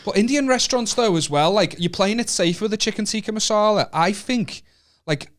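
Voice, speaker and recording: A man's voice: high-pitched, brisk. A man with a Northern English accent co-hosting a podcast, telling stories in casual, joking, sweary chat. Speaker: podcast co-host.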